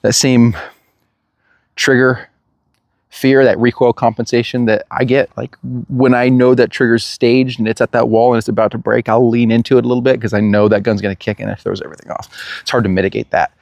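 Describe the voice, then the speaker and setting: A man tells a hunting story in a relaxed, casual way. His voice sits in a middle pitch and is recorded dry and close, with no room sound. He gets animated and laughs now and then as he acts out the lines. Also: brisk, creaky, no room sound. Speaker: hunter telling a hunt story.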